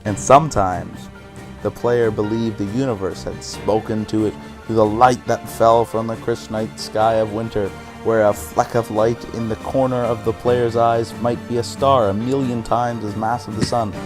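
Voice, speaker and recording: This channel host's voice is mid-range with fairly even intonation and a normal pace. He reads a game's text aloud during a session, regularly stumbling and giggling, while game music plays.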